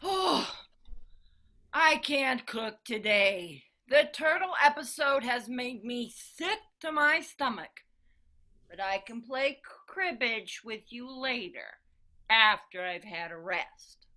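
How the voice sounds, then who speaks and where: An actress playing a fussy, theatrical cook who puts on a Southern drawl and speaks in a languid, melodramatic way. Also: female voice, on the high side, lively intonation, takes it slowly, pushed and bright, full character voice. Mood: put-upon.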